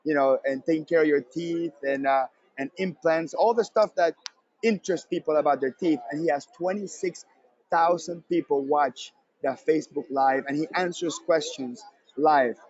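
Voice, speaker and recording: A man giving a live conference talk, energetic and repeating his points for emphasis. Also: a little high, moderate pace, husky, dry recording, highs cut off. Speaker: presenter at a conference session. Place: convention center session room.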